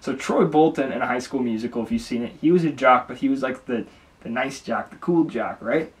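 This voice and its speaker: A man's voice: medium pitch, fairly quick, distant mic. A young man hosting a casual video monologue, talking enthusiastically and rambling with frequent restarts as he ranks his favorites. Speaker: video host.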